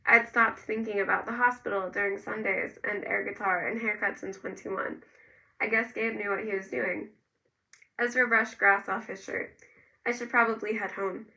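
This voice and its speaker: A woman narrating a first-person novel in a gentle storytelling manner. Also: mid-range voice, fairly even intonation, normal speed, gravelly, recorded from a distance, rough recording. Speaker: audiobook narrator.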